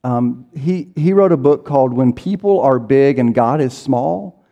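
A man's voice: medium pitch, expressive, measured pace, gravelly, warm tone, lo-fi sound. A man preaching a sermon in a conversational way, acting out people's inner voices as he goes. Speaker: pastor. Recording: reverberant hall.

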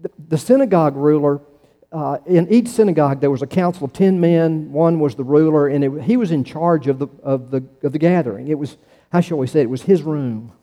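A man preaching a sermon, halting often with restarts and fillers as he tells stories to the congregation. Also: fairly high pitch, warm tone. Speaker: pastor. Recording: long hall reverb.

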